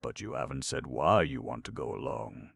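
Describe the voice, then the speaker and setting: A firm but polite male space captain, direct in manner, voiced by a man reading a novel. The voice is very deep with a gravelly grain. It is recorded close and dry. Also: lively intonation, moderate pace, dry recording, full character voice. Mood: frank. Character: steady male ship captain, courteous and firm.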